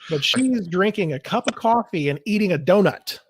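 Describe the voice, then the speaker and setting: A man's voice: high voice, lively intonation, moderate pace, slightly rough, no room sound, clean studio sound. A man hosting a casual show chat, talking loosely and laughing easily, recording while traveling. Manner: laughs easily, loose rambling talk with fillers. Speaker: podcast host. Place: indoors while traveling, video call setup.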